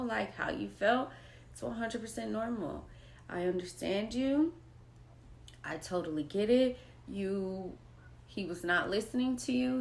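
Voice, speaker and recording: A woman speaking as a mother in a personal vlog monologue, slow and emphatic, repeating phrases for weight and sometimes dropping to a near whisper. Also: medium pitch, gravelly. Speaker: mother sharing personal experience.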